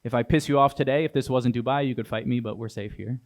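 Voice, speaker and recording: A man's voice: mid-range voice, steady tone, quick pace, darkish tone. A young adult man giving a keynote speech on stage, punchy and dramatic, talking straight to the audience. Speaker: motivational speaker. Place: large event hall on stage.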